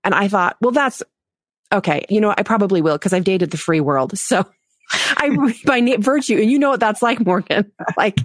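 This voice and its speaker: A woman in her forties, a podcast guest, telling a personal story in an animated way, acting out quotes and laughing. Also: mid-range voice, fairly quick, dry recording, clean studio sound. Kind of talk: storytelling interview.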